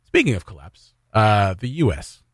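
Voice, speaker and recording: A man's voice: lowish voice, big pitch swings, normal speed, a bit bright, dry recording, clean studio sound. A man co-hosting a casual morning radio show, joking and laughing often as he chats.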